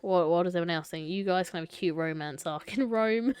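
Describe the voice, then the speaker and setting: A woman's voice: fairly low pitch, brisk, noisy background. A young adult woman live-streaming a choice game, reading it aloud and chatting playfully with viewers, laughing and swearing casually.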